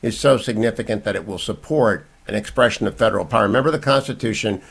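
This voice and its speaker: A man hosting a talk radio show, delivering an opinionated monologue with emphatic bursts and quieter asides. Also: fast talker, gravelly, husky. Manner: emphatic, swinging from loud bursts to low asides.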